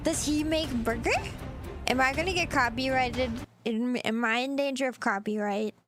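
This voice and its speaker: A woman's voice: high-pitched, normal speed. A woman streamer giggling through a casual reaction stream, sounding out place names as she goes. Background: background music.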